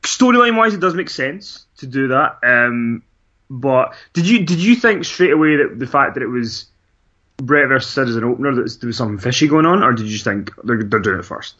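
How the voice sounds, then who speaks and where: A man's voice: medium pitch, expressive, brisk, bright, forceful tone. A man co-hosting a podcast, chatting casually and rambling with frequent laughs and restarts. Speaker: podcast co-host. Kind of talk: casual chat recapping wrestling. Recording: dull lo-fi sound.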